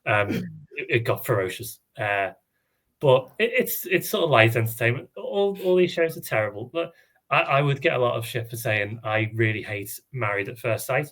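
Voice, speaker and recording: A man co-hosting a casual fan podcast, talking in an animated way and laughing often. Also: medium pitch, normal speed. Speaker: podcast co-host. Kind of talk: casual chat.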